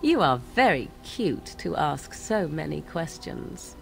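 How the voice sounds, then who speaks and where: A woman's voice: low voice, sing-song, slow, vocal fry, soft background music, heavily acted. An actress voicing a young, aloof, sardonic witch in a video game, speaking in a cool, archaic, mocking way. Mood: cool wry. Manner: archaic cool speech, wry amusement.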